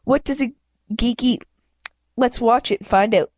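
A woman's voice: fairly high pitch, a little slow, a little mellow, no echo, muffled recording. A woman voicing a teasing teenage brother who mockingly narrates into a tape recorder, in a read-aloud storybook. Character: teasing older brother, boy in his teens.

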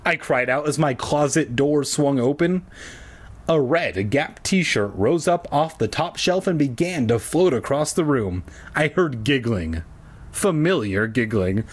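A man reading a children's spooky book aloud, with deadpan comic asides in between. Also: mid-range voice, measured pace, breathy edge. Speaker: comedic reader.

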